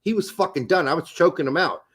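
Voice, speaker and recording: A middle-aged man and podcast co-host, telling a story in profane, animated casual chat. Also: a little high, fast talker, husky.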